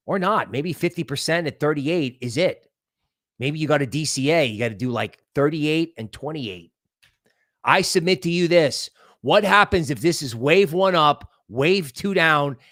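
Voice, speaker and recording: A man hosting a crypto livestream, talking excitedly and rambling from one thought to the next. His voice sits a little high for a man. It sounds close and dry, with no room echo. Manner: excitable, rambling, thinks aloud. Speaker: crypto channel host. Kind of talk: livestream market commentary.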